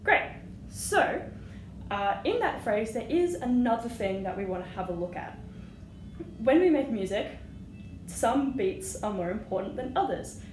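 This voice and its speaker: A woman's voice: a little high, big pitch swings, unhurried, a little mellow. A woman teaching flute, patient and encouraging, singing rhythms aloud as she explains. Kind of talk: music lesson. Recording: echoey room with audible noise.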